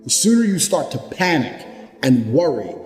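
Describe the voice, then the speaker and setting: A man's voice: a little high, big pitch swings, normal speed, a little mellow. Blunt, profane man with a motivational speech. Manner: blunt, profane, emphatic conviction. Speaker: motivational speaker. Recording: reverberant hall with background music. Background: music.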